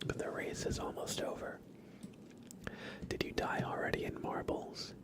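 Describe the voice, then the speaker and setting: A man hosting a live ASMR stream, giving whispered livestream commentary in a soft, low-key voice with a stuffy nose, close on the mic. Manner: soft whisper, slow and low-key, cheering on chat viewers.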